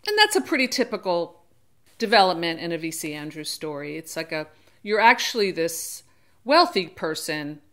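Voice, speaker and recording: A woman with a lowish, fairly bright voice talks at a moderate pace and is very animated. She's a book reviewer hosting her own channel, chatting casually and digressively about a book, often restarting and correcting herself, and she acts out characters in short quoted voices.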